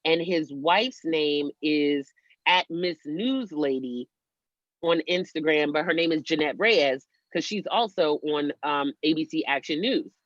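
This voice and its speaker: A man hosting a casual podcast chat, animated and swearing, repeating his points for emphasis. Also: a little high, a little slow, no room sound. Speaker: podcast host. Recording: dry muffled lo-fi audio.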